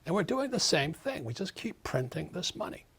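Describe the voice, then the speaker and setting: Emphatic husky older man ranting. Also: high-pitched, sing-song, normal speed, fairly bright tone. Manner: emphatic, ranting, acts out quoted voices. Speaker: author and guest. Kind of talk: interview.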